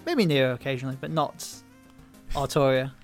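A man's voice: medium pitch, animated, fairly quick, soft background music. A man talking casually on a podcast, hesitant, with many ums and restarts.

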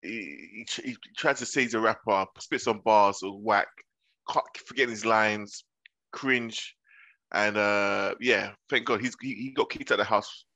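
A man's voice: fairly low pitch, fairly even intonation, measured pace, bright, forceful tone, no room sound. A young man retelling reality-show drama in casual slangy chat, voicing the people he quotes.

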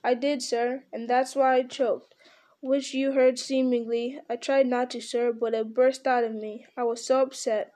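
Lady doing a hobbit gardener, nervous, sir-this sir-that, bit higher, soft dark tone. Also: flat delivery, a little slow, close to an everyday voice. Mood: earnest. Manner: rustic, humble, says sir constantly. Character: anxious, devoted young hobbit gardener, male.

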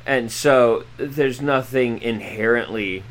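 Man making a measured point in chat. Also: medium pitch, fairly bright tone. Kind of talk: casual chat.

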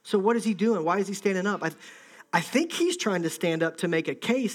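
A man's voice: high-pitched, expressive, a little fast, a bit bright. A man preaching a conversational sermon, acting out the voices of an angry crowd. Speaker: pastor.

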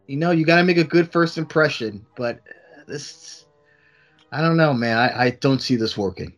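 A man co-hosting a podcast in casual chat, animated and sometimes trailing off to restart his thoughts. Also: mid-range voice, moderate pace, faint music behind. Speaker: podcast co-host.

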